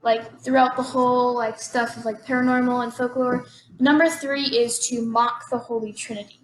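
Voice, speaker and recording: High-voiced woman saying "like" a lot. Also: fairly even intonation, normal speed. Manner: hesitant, heavy use of "like". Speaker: podcast co-host. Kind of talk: casual podcast chat. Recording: roomy echo with faint background hum.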